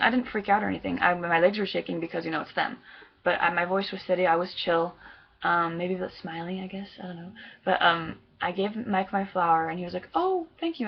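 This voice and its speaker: A young woman chats to her camera in an excited, rambling, gushing way. Her voice has a noticeable gravelly fry at mid pitch. The sound is dull and lo-fi, like a cheap home camera. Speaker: fan vlogger. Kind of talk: casual chat recounting a concert meet-up.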